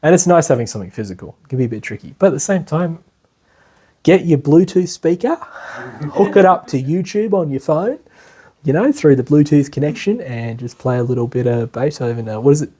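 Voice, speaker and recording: A young meditation teacher lectures his class in a chatty, rambling way, peppering it with "you know," asides, and laughs. His voice is fairly high, expressive, mellow, and a bit breathy, and he talks fairly quickly.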